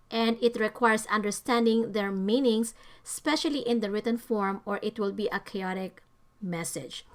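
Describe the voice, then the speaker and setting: Higher-voiced woman teaching English vocabulary. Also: pushed and bright. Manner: careful, deliberate, stresses example words. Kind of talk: scripted vocabulary lesson narration.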